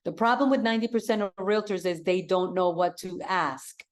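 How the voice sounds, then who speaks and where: An energetic woman coaching an audience with a direct, emphatic delivery. She sits at a mid pitch for a woman and hammers her key points home by saying them twice. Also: normal speed. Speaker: real estate coach. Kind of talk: coaching talk.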